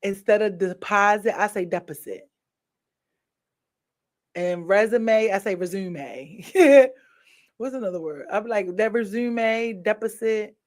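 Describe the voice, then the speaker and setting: A woman's voice: medium pitch, a little slow. Playful woman chatting with viewers. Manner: playful, laughs often, swings between loud and soft. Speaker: live stream host. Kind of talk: casual chat with viewers.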